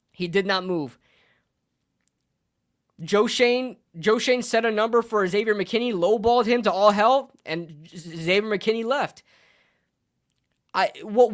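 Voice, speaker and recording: A male sports streamer in a fired-up rant. He swears freely and hammers each point with repeated phrases, swinging between shouting outrage and muttered disbelief. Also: high voice. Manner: heated, profane, repeats lines for emphasis. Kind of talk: live sports reaction rant.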